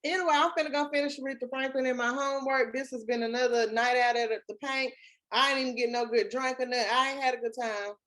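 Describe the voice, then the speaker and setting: A young woman with a Southern US accent co-hosting a casual chat, talking in an animated, emphatic, slangy way. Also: sits high, fast talker. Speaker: podcast co-host.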